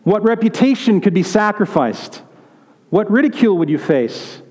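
A man's voice: high voice, sing-song, normal speed, a little mellow. A man pastor giving a conversational sermon, telling stories and asking the congregation questions. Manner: conversational, storytelling, asks questions. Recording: reverberant hall.

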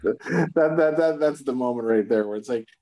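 A man's voice: mid-range voice, brisk, warm tone. Joking guy, average voice, riffing with friends on a podcast. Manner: wisecracking, full of movie references. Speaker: podcast co-host. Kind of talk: casual chat.

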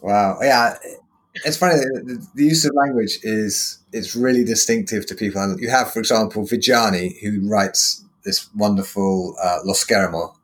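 A man hosting a podcast interview, thoughtful and anecdotal, telling stories with frequent pauses and fillers. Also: on the low side, fairly even intonation. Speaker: podcast host. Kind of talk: casual interview chat.

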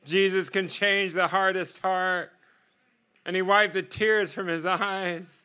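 Brief: American male preacher, higher voice, very bright and ringing tone, storytelling testimony style. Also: fairly even intonation, slow, clear, resonant tone. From United States. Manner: vivid storyteller who acts out dialogue and laughs often. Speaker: guest preacher.

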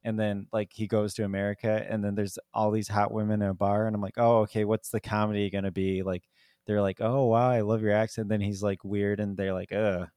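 Here a man co-hosts a podcast, discussing a movie in a rambling, casual way, saying "like" often and laughing frequently. His lowish voice is warm and clean with a flat delivery and a slightly fast pace, recorded in a studio with no room sound.

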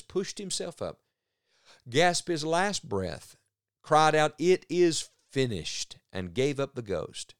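A man's voice: fairly low pitch, smooth, no echo, clean studio sound. A man preaching a sermon earnestly, his voice rising and falling for emphasis. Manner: earnest, rises and drops for emphasis.

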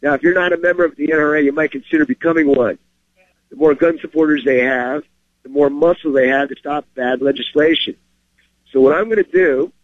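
A man's voice: mid-range voice, no echo, highs cut off. A man hosting a firearms segment, explaining carry rules in a plain, emphatic way and reading short stories aloud with his own comments. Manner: plain-spoken, emphatic, checks in with "okay?". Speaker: firearms instructor and show host. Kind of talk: instructional talk and story reading.

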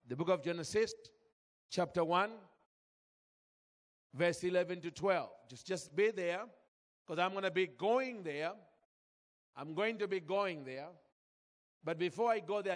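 In a large hall, a man from Zambia delivers a sermon in a high voice. He recounts a personal story emotionally and calls out to his congregation.

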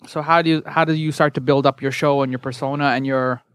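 A man's voice: medium pitch, fairly even intonation, fast talker, fairly bright tone, smooth, no echo, clean studio sound. A male podcast host asking curious, loosely phrased questions in a casual interview.

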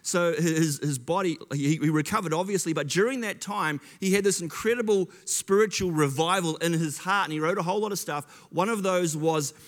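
A man's voice: fairly high pitch, moderate pace, few pauses. A man with a slightly raised voice gives a sermon in an easy, chatty manner. He keeps stopping short and restarting his sentences as he talks to the congregation. His voice carries a long reverb, as if he is speaking in a large hall. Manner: chatty, self-interrupting storyteller. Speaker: pastor.

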